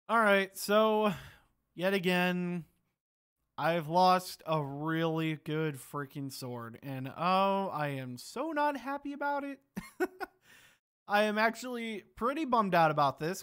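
A man's voice: high voice, a bit bright. A young man giving gameplay commentary, exasperated and talking to himself as he plays. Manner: exasperated, talks to himself while playing. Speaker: gaming channel host.

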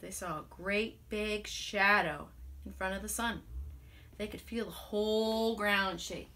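A woman music teacher telling a children's story aloud, animated and expressive, with playful sound effects. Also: medium pitch, measured pace. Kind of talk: storytelling to children with ukulele song.

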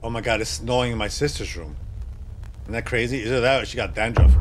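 A man playing a horror game on his channel, talking to himself and yelping with excitement. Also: medium pitch, fast talker, slight background noise. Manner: excitable, yelps and laughs, talks to himself.

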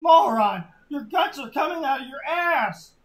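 A narrator playing a frantic shouting dude. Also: sits high, slow, reverberant, pitched above the performer's own voice. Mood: distraught. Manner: yelling, slangy, frantic.

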